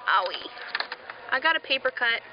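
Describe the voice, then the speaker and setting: A young woman chatting casually to her camera, giggling, swearing and exclaiming loudly. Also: fairly high pitch, expressive, moderate pace. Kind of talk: casual vlog chat. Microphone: built-in camera mic. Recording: lo-fi noisy home camera.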